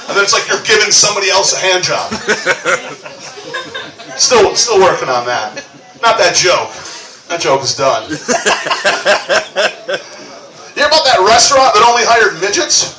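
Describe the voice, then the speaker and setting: A man's voice: sits high, lively intonation, measured pace, pauses often, far from the mic, a crowd in the background. A man doing a live stand-up set on a comedy club stage, crude and conversational, with wry asides. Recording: roomy club recording from afar.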